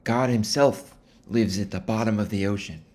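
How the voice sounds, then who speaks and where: A man's voice: on the low side, steady tone, normal speed, a little mellow, close to an everyday voice. A man playing a solemn former whaler at a church who delivers dramatic pronouncements. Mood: portentous. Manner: dramatic, portentous.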